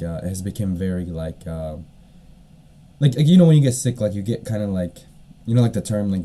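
A man's voice: deep voice, mellow, slight background noise. A man hosting a solo podcast, retelling a story in a casual, rambling way with lots of fillers and the odd cough. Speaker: podcast host.

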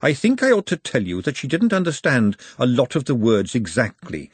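A man reading an audiobook, voicing a forthright young woman who speaks emphatically in a raised, higher voice. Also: huge pitch swings, moderate pace, slightly rough, dry recording. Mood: urgent. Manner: emphatic and outspoken, with a raised pitch.

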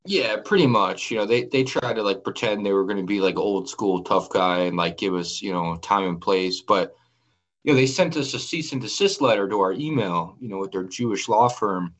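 Male guest, fairly low voice, plain casual talker. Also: expressive, moderate pace. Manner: plain-spoken, heavy with fillers. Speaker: interview guest. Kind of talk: casual conversation.

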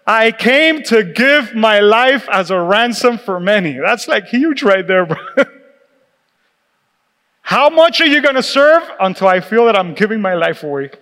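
Animated high-voiced male pastor preaching. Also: measured pace. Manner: animated, laughing, acts out quoted voices. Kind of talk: sermon. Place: church sanctuary. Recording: reverberant church hall with music.

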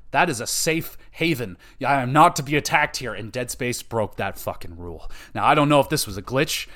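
A man hosting a gaming podcast, talking casually and excitedly, swearing a lot and acting out his own startled reactions with sudden loud outbursts. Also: mid-range voice. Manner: excitable, profane, swears constantly. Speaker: podcast host.

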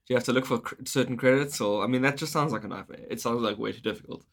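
A man's voice: medium pitch, racing, a bit bright. A man co-hosting a casual podcast chat, laid-back and laughing, with lots of "like" in his speech.

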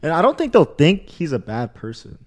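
A man's voice: a little high, wildly swooping pitch, a little fast. A young man co-hosting a podcast, chatting casually in slangy talk and laughing as he tells stories. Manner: laid-back slangy storytelling, laughs often. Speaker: podcast co-host. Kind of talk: casual chat.

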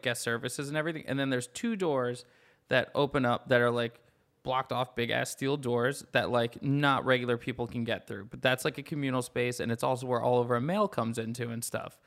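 A young man co-hosting a podcast, telling stories in a lively, profane way and acting out the voices of the people in them. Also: medium pitch, brisk. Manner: animated storyteller, profane, acts out voices in anecdotes. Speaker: podcast co-host. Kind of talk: casual chat.

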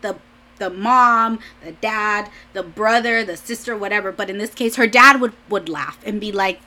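A young woman vlogger chats casually with a bright, clear voice. She rambles, restarts her sentences and scatters "like" throughout, laughing often as she goes. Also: medium pitch, normal speed. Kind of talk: casual chat.

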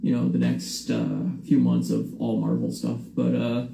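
A man's voice: mid-range voice, big pitch swings, normal speed, gravelly, dark tone, a little hiss or hum. A man hosting a casual podcast, talking loosely and sarcastically with plenty of swearing. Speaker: podcast host.

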